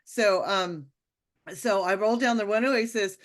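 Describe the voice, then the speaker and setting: A woman telling a personal story in a casual, animated way, with lots of fillers and restarts. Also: medium pitch, measured pace. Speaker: speaker sharing a personal testimony.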